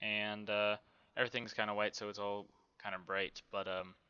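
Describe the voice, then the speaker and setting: A man's voice: lowish voice, level tone, moderate pace, pushed and bright, smooth, no echo, dull audio. A man casually talking through a game development tutorial, rambling to himself with many fillers. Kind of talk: casual screen-recorded tutorial.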